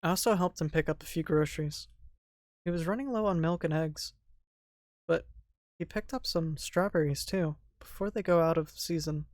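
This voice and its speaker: A voice actor voicing a lonely, hurt young woman who narrates her day softly in a visual novel dub. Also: medium pitch, normal speed, dry recording, clean studio sound, natural voice. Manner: soft, quiet, subdued narration.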